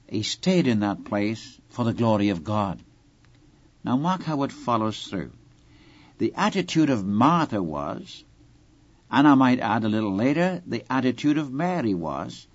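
A man delivers an expository sermon, explaining scripture verse by verse. He speaks earnestly and turns often to address the listener directly. His voice sits at a middle pitch, and the recording sounds a little dull and lo-fi. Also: dry recording. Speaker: preacher. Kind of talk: Bible-teaching sermon.

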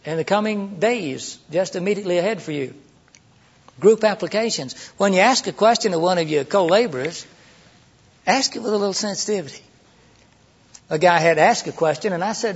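A man's voice: high voice, fairly quick, slightly rough. A middle-aged man preaching in a conversational way, asking rhetorical questions and acting out quoted lines. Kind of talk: sermon teaching. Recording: dull lo-fi sermon recording.

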